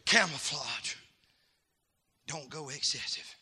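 A man preaching a fiery sermon, calling out to the congregation and swinging from hushed asides to shouting. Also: mid-range voice, animated, takes it slowly.

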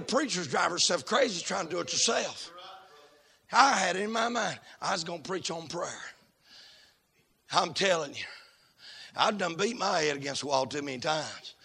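In church, a man preaches a fervent, folksy sermon in a creaky voice, swinging between shouted lines and low asides.

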